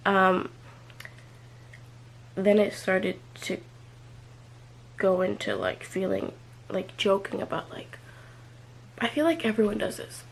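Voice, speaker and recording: Hesitant young woman with vocal fry. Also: medium pitch, animated, slow, long pauses, poor audio. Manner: hesitant, filler-heavy, many "like"s and trailing off. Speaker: vlogger. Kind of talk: personal confessional vlog.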